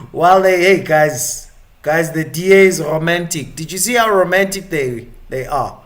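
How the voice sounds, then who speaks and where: A man's voice: a little high, slow pace, fairly bright tone. A South African man hosting a live stream, chatting and joking in a rambling, casual way.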